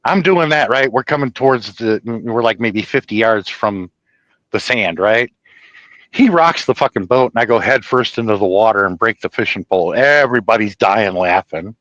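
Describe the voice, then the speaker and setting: A man telling a personal story in a rambling, profane, animated way, laughing at his own tale. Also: on the low side, moderate pace, no echo, highs cut off.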